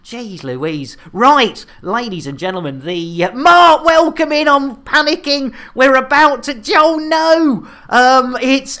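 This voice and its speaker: A woman hosting a live game stream, full of bawdy jokes and giggles and prone to flustered stammering. Her voice sits a little high, and she takes her time over the words. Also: steady tone, slow, few pauses, a bit bright.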